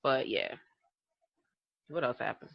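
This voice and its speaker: An extremely low-pitched woman speaks slowly, with no echo and the highs cut off. Co-hosting a podcast in casual chat, she tells animated stories, laughs a lot and acts out quotes.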